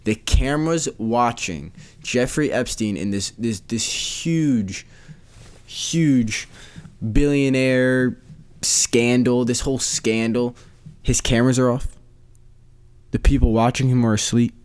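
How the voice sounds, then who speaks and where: A man's voice: mid-range voice, slow pace, darkish tone, clean tone. A man hosting a casual solo podcast, rambling and repeating himself in disbelief. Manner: rambling, repeats phrases, incredulous. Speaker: podcast host.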